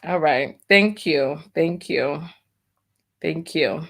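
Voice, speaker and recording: A woman's voice: low voice, slow pace, gravelly, fairly bright tone. A woman hosting a casual livestream, reading donations aloud, laughing often and exclaiming "oh my Lord" and "have mercy.". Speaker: livestream host.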